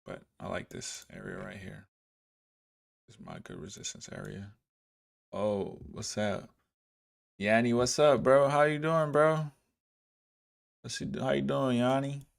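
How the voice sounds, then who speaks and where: A man's voice: mid-range voice, expressive, a little slow, vocal fry, long pauses. A man from Dallas, chatting casually with viewers on a livestream while he walks through stock charts. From Dallas, Texas. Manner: laid-back, chats with viewers while reading charts. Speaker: livestreamer teaching trading.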